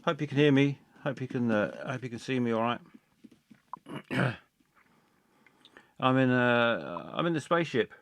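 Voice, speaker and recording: A man hosting a comic live stream, rambling along with halting speech full of fillers and restarts. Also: medium pitch, expressive, gravelly, dry recording.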